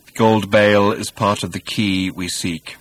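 Man playing an ancient killer robot, cold, sleek, cultured rasp, slow deadpan delivery, fairly low voice. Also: poor audio. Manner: flat, slow, patient, deadpan.

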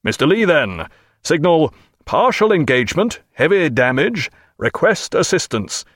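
Guy doing a navy captain yelling orders, high and loud, dry sound. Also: big pitch swings, measured pace, husky, dry recording, full character voice. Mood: brisk command. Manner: barking orders. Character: commanding male naval captain in battle.

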